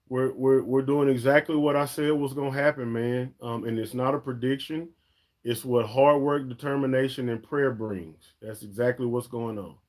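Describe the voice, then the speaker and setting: Man hosting a live chat, emphatic and chatty, everyday mid-range voice. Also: mid-range voice. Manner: chatty, emphatic, calls viewers "y'all" and "man". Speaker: fishing channel host. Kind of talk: casual live-stream chat.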